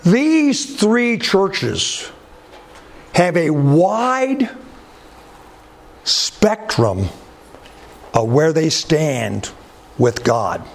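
A man preaching with a high voice, unhurried and deliberate. He asks the congregation questions and lands his points with falling phrase endings. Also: a little mellow, a little hiss or hum. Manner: drops pitch sharply at the ends of phrases. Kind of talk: sermon.

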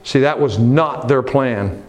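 A man preaching a sermon, moving from low earnest talk to loud rising exhortation. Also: slow, a little hiss or hum. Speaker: pastor.

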